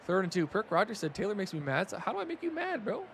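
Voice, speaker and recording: A young man calling a football video game with a high, bright voice that jumps up loud on big plays. Between plays he chats with his viewers in a casual, excitable way. Faint noise sits behind him. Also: fast, creaky. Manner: excitable, rising loud on big plays, chatty asides to chat. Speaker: stream commentator. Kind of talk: casual play-by-play commentary.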